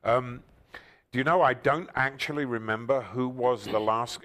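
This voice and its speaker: An older man, a talk show guest telling stories with enthusiasm and loud, excited outbursts. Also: medium pitch, moderate pace. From England. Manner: enthusiastic, bursts into loud exclaiming when excited. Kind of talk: animated storytelling interview.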